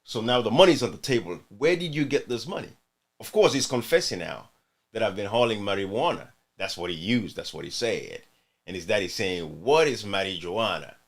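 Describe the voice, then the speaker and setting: A man's voice: lowish voice, animated, moderate pace, creaky. A man hosting a channel who comments earnestly on an interview clip, addressing viewers directly and repeating himself for emphasis.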